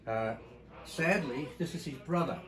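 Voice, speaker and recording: A man's voice: a little high, a little slow, crowd noise, low-quality recording. An older Australian man giving a memorial tribute, telling family stories in a blunt, salty, reflective way with frequent hesitations. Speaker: entertainer presenting a memorial tribute.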